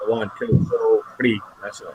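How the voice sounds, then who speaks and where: A man's voice: lowish voice, huge pitch swings, moderate pace, gravelly, muffled recording, very noisy. A man playing a tabletop game, asking about the rules in a careful, checking way. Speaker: player.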